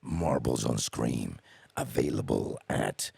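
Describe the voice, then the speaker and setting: Gravelly movie trailer voice. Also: male voice, expressive, warm tone, no echo, exaggerated voice. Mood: dramatic. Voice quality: gravelly, rumbling. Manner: slow dramatic trailer delivery. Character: deep-voiced male movie trailer announcer.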